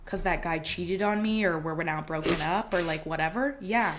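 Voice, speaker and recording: A young woman in her twenties co-hosting a podcast, telling stories in an animated, dramatic way with casual swearing. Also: on the low side, normal speed, background noise. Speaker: podcast co-host. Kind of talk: casual chat.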